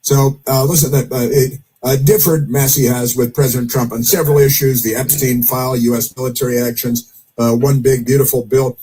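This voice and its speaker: A man's voice: mid-range voice, little pitch movement, moderate pace, dark tone, slightly rough, rough recording. A man hosting casual political commentary, rambling with many fillers and dry sarcastic asides. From United States.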